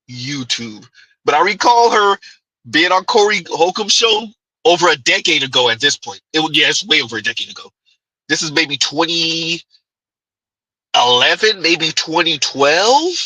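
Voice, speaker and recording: Brief: male host, strained husky voice, very forceful, dry close sound. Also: a little high, animated, moderate pace, dry recording, rough recording. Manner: rambling, repeating himself, chuckling asides. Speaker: commentary show host. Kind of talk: casual commentary.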